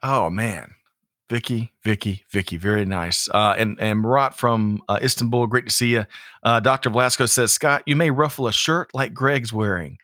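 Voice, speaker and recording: A man's voice: medium pitch, normal speed, fairly bright tone, no echo, clean studio sound. A man co-hosting a live business show, chatting casually and greeting the audience. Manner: folksy, reads out audience greetings. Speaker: livestream co-host.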